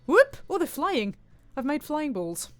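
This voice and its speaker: A woman's voice: mid-range voice, expressive, moderate pace, music in the background. A woman streaming a cooking game, chatting playfully and reading viewer comments aloud. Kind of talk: casual gameplay commentary.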